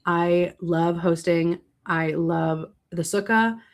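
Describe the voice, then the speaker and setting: Chatty woman, low voice, livestream Q&A. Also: slow, slight background noise. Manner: chatty, animated storytelling with asides. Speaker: livestream host answering questions. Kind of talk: casual livestream chat.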